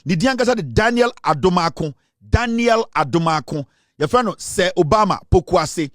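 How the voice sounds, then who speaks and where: A man's voice: high voice, expressive, moderate pace, fairly bright tone, no echo, studio quality. A Ghanaian man hosting comic political commentary, mixing English with Twi and laughing often. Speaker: show host.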